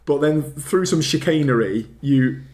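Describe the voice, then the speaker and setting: A man's voice: a little high, expressive, measured pace, darkish tone. A man in casual podcast chat, rambling through a film recap and laughing often. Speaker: podcast co-host.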